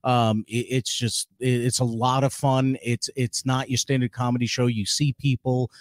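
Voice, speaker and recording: A man's voice: mid-range voice, flat delivery, normal speed, dry recording. A man co-hosting a comedy podcast in casual chat, with dry, teasing asides.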